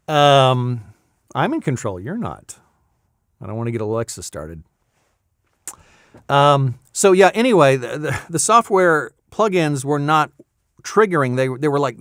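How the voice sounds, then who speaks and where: A man's voice: mid-range voice, smooth, dry recording. Rambling man with a dry studio sound. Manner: rambling, easily sidetracked, self-amused. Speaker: voice actor. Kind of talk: casual talking-head vlog.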